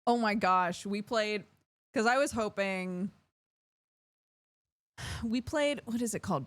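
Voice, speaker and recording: A woman's voice: medium pitch, slow, long pauses, no echo. A young adult woman streaming, chatting casually, reading chat and thanking subscribers, a bit tired and yawning.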